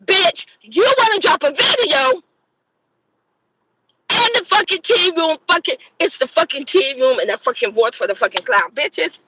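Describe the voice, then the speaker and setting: Woman, middle-aged, shrill and piercing, swoops up and down, angry cursing rant, shouted questions. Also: animated, moderate pace, a little hiss or hum, poor audio. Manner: profane, furious, shouting, repetitive rhetorical questions. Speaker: channel host. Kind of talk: angry gossip commentary rant.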